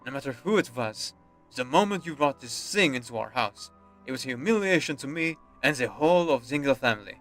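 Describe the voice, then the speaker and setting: A man's voice: mid-range voice, expressive, fairly quick, a bit bright, faint music behind, natural voice. A man reading game dialogue aloud, voicing a haughty, contemptuous nobleman father with a stern, scornful delivery.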